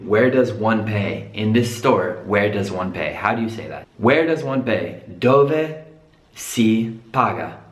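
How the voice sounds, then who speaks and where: A man teaching a casual video language lesson, upbeat, going over examples slowly and repeating them. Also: on the low side, reverberant.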